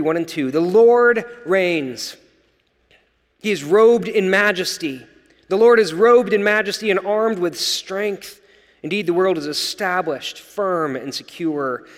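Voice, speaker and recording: A male pastor preaching a sermon, earnest and emphatic, slowing down for proclamations. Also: high voice, long reverb tail.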